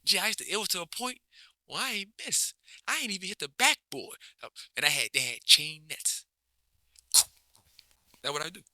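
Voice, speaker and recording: A basketball coach appears as a guest in a casual interview chat, his high-pitched voice moving at normal speed with long pauses. He's relaxed and rambling, full of slang and frequent restarts, and the recording is dry.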